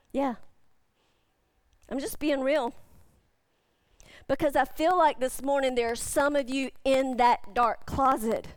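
High-voiced woman pastor preaching emphatically. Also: no echo. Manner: emphatic, repeating key phrases. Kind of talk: sermon.

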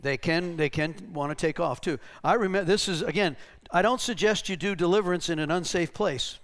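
Higher-voiced pastor telling stories in a sermon. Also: male voice, a little fast. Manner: conversational, tags lines with "right?", acts out the voices in his stories. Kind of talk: sermon teaching with anecdotes. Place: church.

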